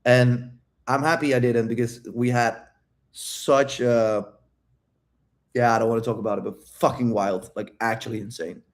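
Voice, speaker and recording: A man's voice: medium pitch, steady tone, normal speed. A man who works as a dating coach, talking brashly in a casual livestream Q&A. He swears freely and laughs often. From outside the United States.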